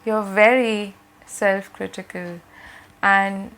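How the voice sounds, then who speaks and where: A woman giving a gentle, reassuring tarot reading to her viewers, often checking in with "okay?". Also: mid-range voice, fairly even intonation, takes it slowly, poor audio. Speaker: tarot reader.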